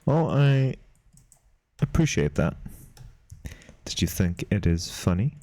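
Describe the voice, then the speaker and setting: A man's voice: lowish voice, sing-song, slow pace, mellow. A man streaming while he works, chatting casually with his viewers in a playful, dry, teasing way and chuckling now and then. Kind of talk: casual live-stream chat while working.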